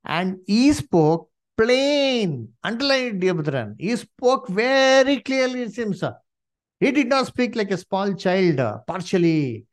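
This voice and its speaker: A man preaching, his voice sitting a little high for a man. His pitch swings widely as he asks the congregation rhetorical questions, with "you see" and "uh" between his phrases. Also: very animated, unhurried. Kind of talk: sermon.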